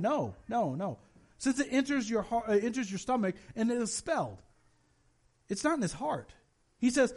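Speaking fairly quickly, a high-voiced male pastor, an adult and a father, fills his sermon with lively stories from his own life. He puts on the voices of the people he's quoting, keeping the tone animated and conversational.

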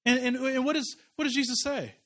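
A man's voice: very high-pitched, fairly even intonation, brisk, sharp tone. A man preaching a conversational sermon as a pastor, impassioned and emphatic, often restarting his sentences.

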